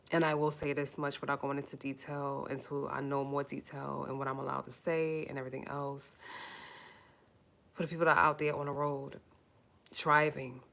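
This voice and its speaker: A woman hosts a casual YouTube livestream, speaking to her viewers in an earnest, pleading, conversational way, repeating phrases and fighting back tears. She has a gravelly bass voice with little pitch movement, a bit bright, at normal speed.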